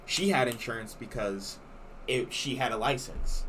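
A young man co-hosting a podcast, telling a story in casual, animated chat and swearing a lot. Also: mid-range voice, normal speed, slight background noise. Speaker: podcast co-host.

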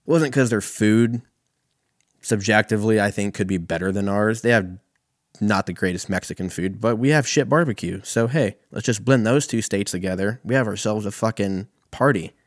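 A young man from California telling a profane, animated stand-up story. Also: fairly low pitch, moderate pace, no echo, studio quality. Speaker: comedian.

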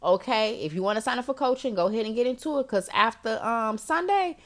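A young woman hosting a podcast and coaching listeners in a casual, animated, slangy monologue with frequent laughter. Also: a little high, fast talker. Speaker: podcast host and life coach.

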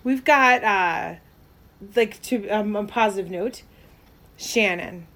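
A woman's voice: mid-range voice, slow, fairly bright tone. A young woman co-hosting a podcast in casual chat, rambling with many fillers and restarts and laughing often. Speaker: podcast co-host.

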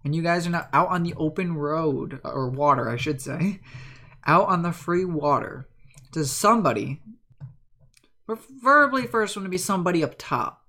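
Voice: mid-range voice, lively intonation, moderate pace, sharp tone. A game master narrating a tabletop game in a loose, chatty way.

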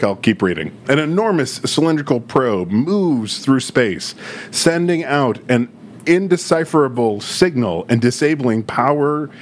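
A man co-hosting a podcast in casual chat, animated and laughing often as he acts out quotes. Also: medium pitch, slight background noise. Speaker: podcast co-host.

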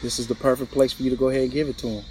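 A man hosting a casual podcast chat, telling stories in an animated way. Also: medium pitch, slight background noise. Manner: animated storyteller, quick and lively. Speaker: podcast host.

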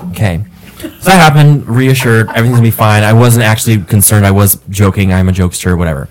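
A young man co-hosting a podcast, telling a story in animated, swearing casual chat and acting out what people said. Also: on the low side, quick pace. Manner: animated storyteller, swears a lot, acts out quotes. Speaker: podcast co-host.

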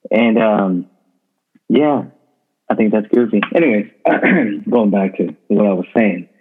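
A man from Texas co-hosts a podcast in an easy, joking way. His voice is husky and breathy. It comes through thin and lo-fi like a phone call. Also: lowish voice, a little slow. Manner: laid-back, joking. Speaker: podcast co-host. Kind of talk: casual podcast chat. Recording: tinny phone-line sound.

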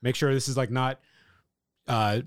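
A man co-hosting a casual podcast, rambling and swearing in halting sentences. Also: mid-range voice, steady tone, heavy background noise. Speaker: podcast co-host. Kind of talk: casual chat.

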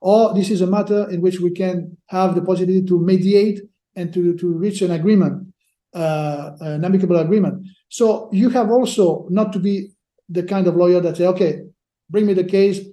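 High-voiced man, dark tone, roomy sound. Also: fairly even intonation. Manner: halting, repeats words while searching for phrasing. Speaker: sports lawyer guest. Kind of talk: podcast interview answers. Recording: roomy echo.

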